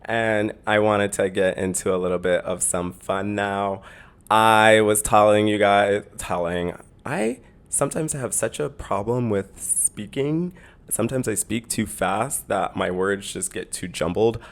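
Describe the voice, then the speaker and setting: Rambling low-voiced Canadian man. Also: measured pace. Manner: rambling, repeats words, many fillers. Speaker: podcast host. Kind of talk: casual solo podcast monologue.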